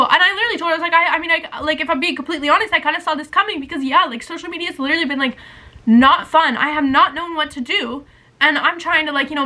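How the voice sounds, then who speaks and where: Young woman, high voice, bright tone, rambling confessional vlog chat, says "like" constantly. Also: low-quality recording. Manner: rambling, heavy use of "like", emotional. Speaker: vlogger.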